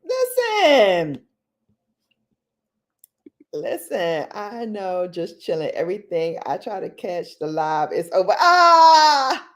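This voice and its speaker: A woman's voice: fairly low pitch, normal speed, few pauses, warm tone. A woman hosting a casual livestream, chatting with viewers in a playful, laughing way and repeating phrases for emphasis. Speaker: beauty livestream host.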